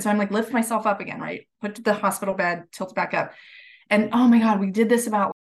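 Animated woman telling her story. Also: mid-range voice, a little fast. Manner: animated, laughs while telling, acts out quotes. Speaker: guest. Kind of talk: casual storytelling.

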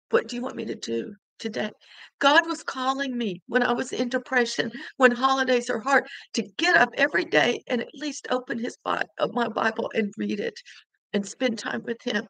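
A woman's voice: high voice, creaky, bright, forceful tone, dry recording, poor audio. An older woman sharing an earnest, emotional faith testimony as a podcast host, tearful at times. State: crying.

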